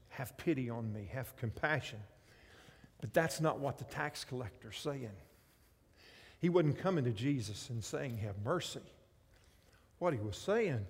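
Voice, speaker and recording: A man delivers a sermon from the pulpit, leaning into repetition and rising emphasis. His voice sits at an ordinary middle pitch. The sound carries a long reverb, as in a large church hall. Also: a little mellow. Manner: emphatic, repetitive preaching cadence. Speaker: pastor.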